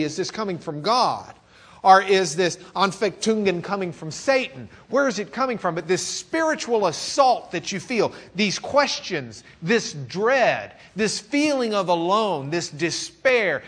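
Texan male pastor, fairly high voice, church-class sermon, dramatic loud-to-soft swings, restarts. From Texas. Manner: swings from loud questioning to quiet confiding, with joking asides; restarts and repeats words. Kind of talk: sermon lesson.

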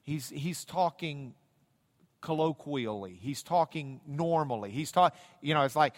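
Man, high voice, slow deliberate Bible lecture, loose and chatty, big reverberant hall. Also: animated. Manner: conversational, repeats words, jokey asides. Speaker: Bible teacher.

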